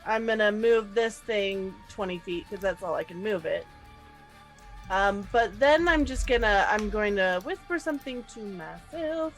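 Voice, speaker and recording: A woman's voice: mid-range voice, animated, unhurried, soft background music, poor audio. A woman playing a tabletop game, explaining her character's moves hesitantly with many fillers. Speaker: player. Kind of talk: casual tabletop play.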